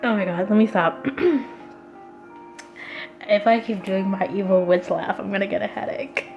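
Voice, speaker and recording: A woman's voice: medium pitch, moderate pace, gravelly, dull audio. A woman gushing and laughing as she comments on the game she is playing. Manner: gushing, excitable, laughs often. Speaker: let's play gamer. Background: game music.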